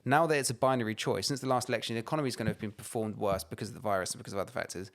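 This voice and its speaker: A man's voice: fairly low pitch, very fast. A man co-hosting a podcast, ranting and swearing emphatically in casual chat. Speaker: podcast co-host.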